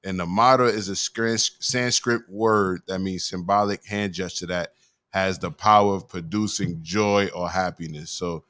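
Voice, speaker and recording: A man's voice: low voice, steady tone, a little slow, fairly bright tone, no room sound. A male host in a casual chat show, talking in laid-back slang and reading viewer comments aloud.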